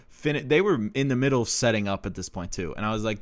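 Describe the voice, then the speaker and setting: Casting: young guy, deep voice, dry close sound, rambling and swearing casually through a story. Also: expressive, quick pace, few pauses, no room sound. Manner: rambling, profane, laughs often. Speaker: show promoter telling stories.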